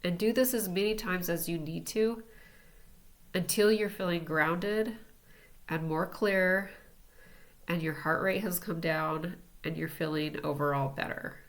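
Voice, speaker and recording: A woman teaching an energy healing technique in a casual, relaxed way, talking as she demonstrates tapping on herself. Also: fairly low pitch, unhurried. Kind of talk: casual instructional talk.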